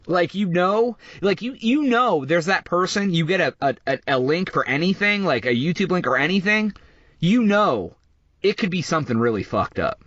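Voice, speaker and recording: A man's voice: high voice, expressive, moderate pace, a bit bright, dry recording, highs cut off. A man hosting a podcast in casual chat, rambling and profane, full of fillers like "like" and "dude". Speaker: podcast host.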